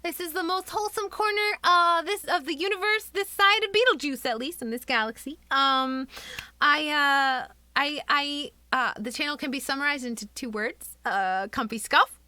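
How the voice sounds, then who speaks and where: Over guitar music, a woman streamer chats, reads a story aloud and greets her viewers, all in a bubbly, giggly, gushing manner. Her voice is high-pitched, pushed and bright, at a normal speed, with no echo.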